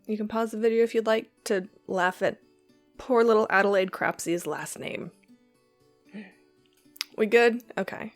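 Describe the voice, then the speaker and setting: A poetry reader and lecturer with a medium-pitched female voice reads a poem softly, letting the ends of lines sink into whispers. She then explains it chattily, with quick asides and ums.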